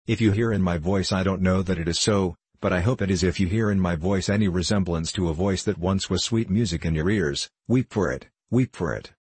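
A man's voice: sits low, fairly quick, hardly any pauses, darkish tone, slightly rough, dry recording. A man voicing a tender young woman who earnestly implores her father, for a storybook reading. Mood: tender, imploring.

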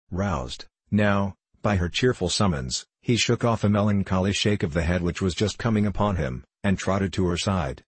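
A man with a deep, husky voice reads a classic novel with measured, expressive pacing. The recording is dry and close. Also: dry recording. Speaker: audiobook narrator.

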